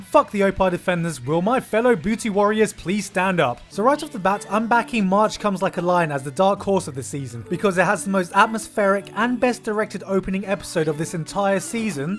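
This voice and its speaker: A young man doing comedic video commentary as an anime reviewer, sarcastic and profane with mock-dramatic turns. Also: high-pitched.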